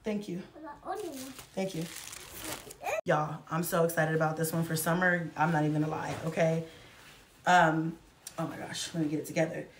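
A woman's voice: low voice, little pitch movement, normal speed, pauses often, slight background noise. A woman in her thirties, a mother chatting effusively to camera as she shows off a shopping haul and calls her viewers y'all. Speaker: vlogger reviewing a shopping haul. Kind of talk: casual chat to camera. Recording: echoey room, mic at a distance.

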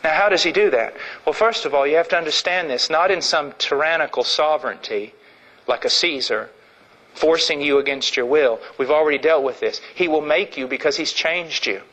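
A man's voice: a little high, moderate pace, fairly bright tone, poor audio. A man preaching a sermon in an impassioned, emphatic way.

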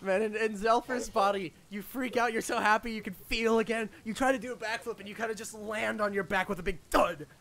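High-voiced man running a tabletop game. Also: steady tone, brisk, few pauses, a bit bright. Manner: casual, laughs easily. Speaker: game master.

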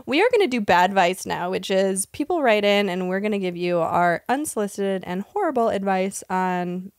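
Podcast co-host, woman, giggly reactor, mid pitch, dry close sound. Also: expressive, normal speed, dry recording. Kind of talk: casual chat.

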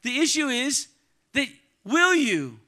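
A man preaching in a church with a high voice. He calls out to the congregation and swings from quiet, close talk to ringing shouts. His tone is bright and cutting. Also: very animated, slow. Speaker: pastor. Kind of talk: sermon. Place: church sanctuary.

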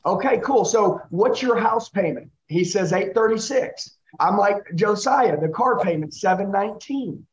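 A high-pitched man with lively intonation leads a live sales training, drilling a trainee with intense, repetitive questions and repeating the trainee's name. He speaks unhurriedly with almost no pauses, and the high frequencies are cut off.

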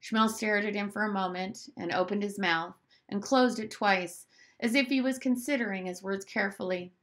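A woman teacher reading a storybook aloud with expressive narration. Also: mid-range voice, moderate pace.

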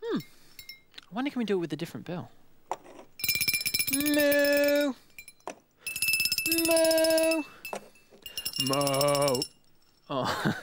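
A man's voice: on the high side, heavy background noise. An Australian man presenting a children's show, playfully mooing and singing along with cowbells.

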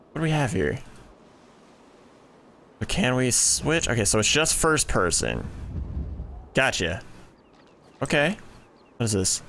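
Young male gamer, animated pitch swings, thinks aloud, loud exclaims, desk mic. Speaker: gaming YouTuber. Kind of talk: let's play commentary.

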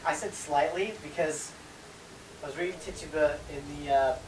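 A man's voice: on the high side, steady tone, normal speed. Joking young man on an echoey mic. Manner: joking, laughs a lot, slips into silly voices. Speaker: gaming commentator. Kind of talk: casual gaming chat. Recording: echoey distant mic with noise.

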